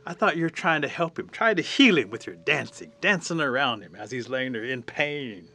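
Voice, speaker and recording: A man's voice: medium pitch, lively intonation, normal speed, sharp tone. A man doing a cocky little mud dauber bug. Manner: boastful, teasing.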